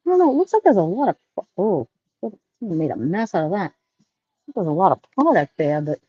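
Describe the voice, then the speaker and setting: A woman's voice: mid-range voice, warm tone, husky, no room sound, muffled recording. A woman vlogging casually while she shops in a store, chatty and rambling with folksy sayings. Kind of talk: casual shopping vlog.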